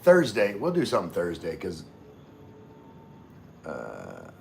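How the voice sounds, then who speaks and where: A man hosting a casual livestream, chatting with viewers in a halting way full of fillers and restarts. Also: deep voice, huge pitch swings, gravelly, slight background noise. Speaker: livestream host. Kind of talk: casual live chat with viewers.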